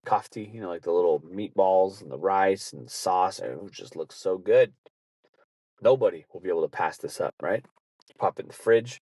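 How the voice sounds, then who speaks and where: A deep-voiced man hosts his podcast alone, drifting through a rambling, casual story. He breaks into quick acted asides as he goes. The recording is close and dry, with no room sound. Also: darkish tone, no echo. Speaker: podcast host. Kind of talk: casual monologue.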